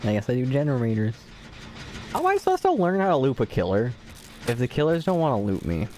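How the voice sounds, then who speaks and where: A man's voice: medium pitch, wildly swooping pitch, fast, background noise. A man streaming a video game, giving live commentary in a joking, mock-dramatic way and talking to the characters on screen.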